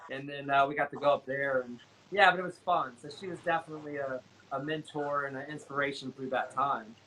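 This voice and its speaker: Hombre de voz brillante y parlanchina. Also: male voice, medium pitch, fairly quick, bright, forceful tone, slight background noise, rough recording. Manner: chatty, repeats words, acts out quotes. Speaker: guest nail technician. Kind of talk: casual interview storytelling.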